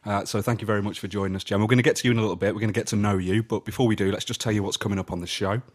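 A man's voice: fairly low pitch, steady tone, rapid-fire. A man hosting a film podcast in an upbeat, jokey way. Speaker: podcast host. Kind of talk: casual podcast chat.

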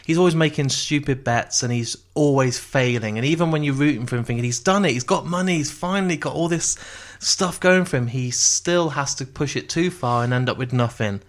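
A man co-hosting a podcast, jokey and quick to laugh as he rants. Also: medium pitch. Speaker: podcast co-host. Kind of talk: casual chat.

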